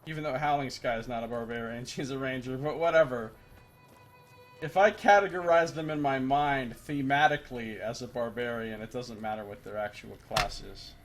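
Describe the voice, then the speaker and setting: A man's voice: mid-range voice, moderate pace, soft background music. A man streaming a game live, chatting casually with his viewers and cracking profane jokes. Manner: profane, joking asides to chat. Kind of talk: casual live-stream commentary while gaming.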